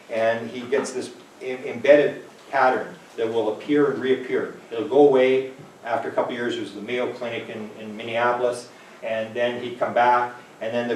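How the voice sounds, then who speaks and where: A man from Manitoba, Canada, giving a rambling, conversational talk, acting out the voices in his stories. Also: medium pitch. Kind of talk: rambling lecture storytelling. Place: talk venue room. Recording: roomy distant mic with faint background noise.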